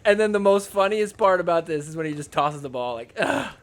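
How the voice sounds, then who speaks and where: Male podcast host, high voice, animated and jokey, casual commentary over clips. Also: fast. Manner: animated, laughing, mocking the players.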